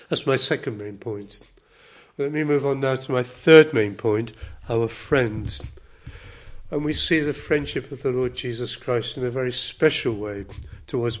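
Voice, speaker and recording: A man delivers a sermon in an earnest, measured way. His voice sits at an ordinary middle pitch, and he leans on key words with gentle emphasis. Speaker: preacher.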